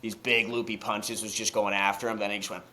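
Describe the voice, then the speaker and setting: A young man co-hosting a podcast in casual chat, excitable and swearing freely, rambling through restarts. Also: on the low side, a little fast. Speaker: podcast co-host.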